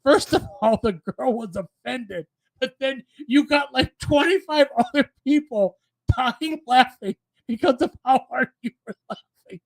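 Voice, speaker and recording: A man's voice: extremely high pitch, unhurried. A man co-hosting a casual show, telling rambling anecdotes and laughing through them. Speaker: co-host. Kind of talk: casual storytelling chat.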